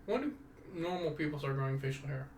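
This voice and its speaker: A man's voice: medium pitch, expressive, fast talker, a little mellow, a little hiss or hum. A young man hosting a casual solo podcast, rambling and self-mocking, swearing freely. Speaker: podcast host.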